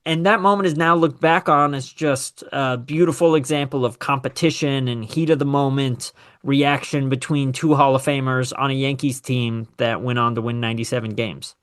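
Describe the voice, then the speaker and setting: A man hosting a casual sports talk show, animated and opinionated, with sarcastic asides. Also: mid-range voice, normal speed. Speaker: podcast host.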